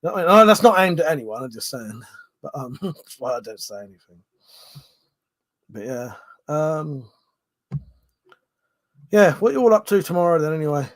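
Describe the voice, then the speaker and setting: A man's voice: a little high, very animated, normal speed, pauses often. Sweary man chatting on a livestream. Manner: rambling, sweary and jokey, with frequent laughs. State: yawning and short of breath. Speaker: live stream host. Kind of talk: casual live-stream chat, reading out viewer comments.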